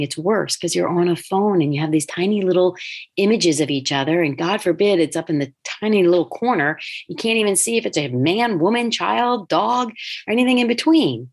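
A woman's voice: medium pitch, husky. A middle-aged woman hosting a podcast, talking casually and telling stories, acting out other people's words along the way. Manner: animated storytelling, acts out quoted voices. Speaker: podcast host, designer. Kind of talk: casual solo podcast talk.

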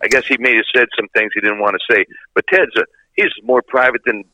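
A man's voice: steady tone, brisk, bright, forceful tone, no echo, muffled recording. A man guesting on a radio show, telling loose stories and mimicking others. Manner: loose storyteller, mimics others in high voices. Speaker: rock singer guest. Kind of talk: casual interview chat.

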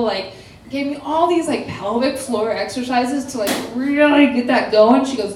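A young adult woman telling a personal story in casual chat, animated and dramatic, acting out quotes with laughing asides. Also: high-pitched, moderate pace, distant mic, a little hiss or hum. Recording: echoey room, voice off-mic.

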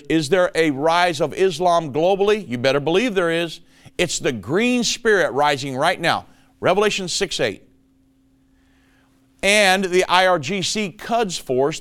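Emphatic male show host, smooth voice. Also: on the high side. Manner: emphatic, addresses listeners as folks. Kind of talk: commentary show on prophecy.

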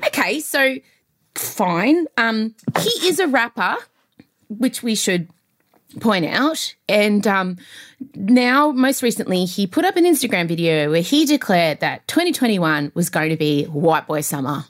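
A woman co-hosting a casual pop culture chat, gossipy and excitable, laughing often. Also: mid-range voice, unhurried. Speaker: podcast co-host.

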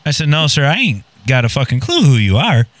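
A man in the middle of a loose, profane story, talking bluntly and laughing at his own mistakes. His voice sits at an ordinary pitch and is recorded close and dry, with no room sound around it. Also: big pitch swings, fairly quick, fairly bright tone, no echo. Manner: blunt, profane, self-mocking. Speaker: podcast guest telling a story. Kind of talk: casual storytelling.

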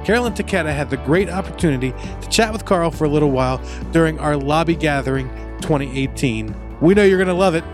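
A man's voice: fairly high pitch, fast. Upbeat man announcing over guitar music. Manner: friendly and energetic, reading dates and web addresses. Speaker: podcast host making announcements.

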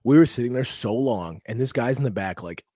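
A man with a slightly husky, breathy voice at a middling pitch, chatting on a comedy podcast. He tells stories with lots of energy and jumps into loud impressions of other people. The sound is dry and close to the mic. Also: a little fast, no echo. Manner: animated storytelling, acts out quotes in raised voices. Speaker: podcast co-host. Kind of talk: casual comedy podcast chat.

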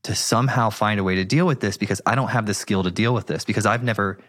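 A man's voice: on the low side, fast, a bit bright. A man hosting a podcast, asking a rambling question with a laugh in his voice. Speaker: podcast host. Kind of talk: casual interview question.

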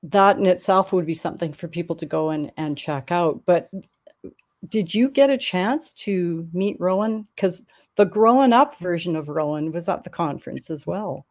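A woman's voice: lowish voice, normal speed. A woman hosting a conversational interview, friendly and curious, asking her guest questions. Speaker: podcast host.

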